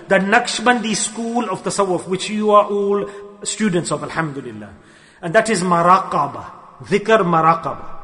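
A man's voice: high voice, sharp tone, in a large hall. A man teaching his Sufi students in an earnest sermon, repeating his key phrases.

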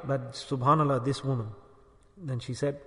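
A man preaching a sermon, telling a story with passion and rising to loud, emphatic peaks. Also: medium pitch, steady tone, moderate pace. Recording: long hall reverb.

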